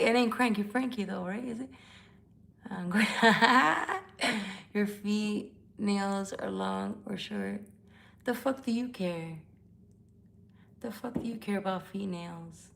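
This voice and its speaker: A woman's voice: mid-range voice, unhurried, vocal fry. A tipsy woman tarot reader talking bluntly and profanely in a casual live-stream chat from home.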